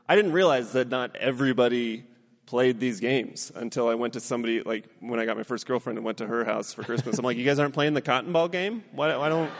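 A man in his thirties from Southern California doing a stand-up set, acting out voices and laughing through his punchlines. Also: medium pitch. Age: 30s. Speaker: stand-up comedian, then guest. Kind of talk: stand-up comedy set, then casual interview chat. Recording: hall reverb, faint background noise.

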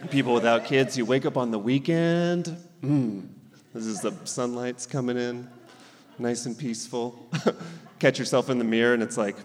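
Laughing thirties comedian in a reverberant hall. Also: male voice, mid-range voice, normal speed, a little hiss or hum. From Southern California. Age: 30s. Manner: laughing, animated storytelling with character voices. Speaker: stand-up comedian and guest. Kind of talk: stand-up set then talk-show chat. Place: theater stage.

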